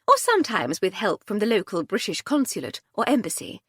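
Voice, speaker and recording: A woman's voice: mid-range voice, wildly swooping pitch, fairly quick, a bit bright, husky, no echo, exaggerated voice. A woman narrator voicing a witty, unflappable upper-class lady detective with a dry, breezy manner.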